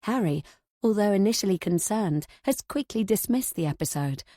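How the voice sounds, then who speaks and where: A woman's voice: fairly low pitch, mellow, no echo, studio quality. A woman narrating a first-person thriller audiobook in a tense, anxious way.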